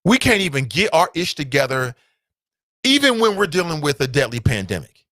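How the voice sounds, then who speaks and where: A man's voice: on the high side, big pitch swings, moderate pace, a bit bright, no echo. Blunt, fired-up male talk show host. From United States. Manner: blunt, fired-up ranting with swearing. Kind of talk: opinionated solo commentary.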